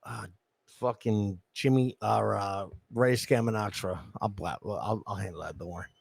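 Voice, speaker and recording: Profane, animated New man. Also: lowish voice, normal speed, gravelly, dry recording. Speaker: podcast host. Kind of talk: crude casual storytelling chat.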